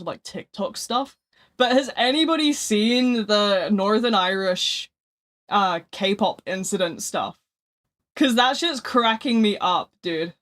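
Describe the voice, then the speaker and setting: A young woman chatting casually on a live stream. She is animated, swears often and keeps laughing. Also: medium pitch.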